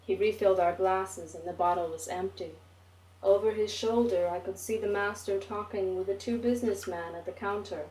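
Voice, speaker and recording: A woman reading a short story aloud in a measured, wry storytelling manner. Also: mid-range voice, steady tone, a little mellow. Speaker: reader. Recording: roomy, distant mic.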